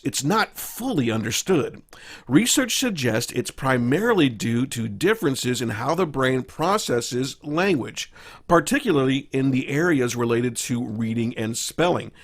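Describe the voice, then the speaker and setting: A man presenting a recorded training lesson to fellow teachers, measured and explanatory, with occasional fillers. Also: medium pitch, expressive. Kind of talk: recorded slideshow lecture.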